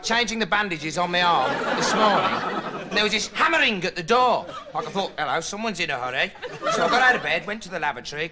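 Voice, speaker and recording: A man telling a rambling deadpan comic monologue to camera as a hapless reporter. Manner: rambling, flat, puts on high voices for quoted people. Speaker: comic reporter character host. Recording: studio audience laughter, noisy old tape. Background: audience laughing.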